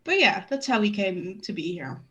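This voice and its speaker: A woman plays her character at a tabletop game, speaking in character. Her pitch rises and falls in a lively way, and she halts and hesitates between phrases. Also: dull audio. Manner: hesitant, halting speech. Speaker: player. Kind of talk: in-character tabletop role-play.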